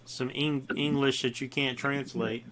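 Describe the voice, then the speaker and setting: A man's voice: medium pitch, steady tone, measured pace, noisy background. A man with a Cajun accent from the Mississippi Gulf Coast, teasing playfully in a casual group chat.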